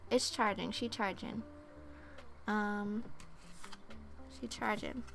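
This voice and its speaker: A young woman streamer reading oracle cards in a soft-spoken ASMR style, chatty and thinking aloud. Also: medium pitch, drawn-out words, creaky, long pauses, soft background music.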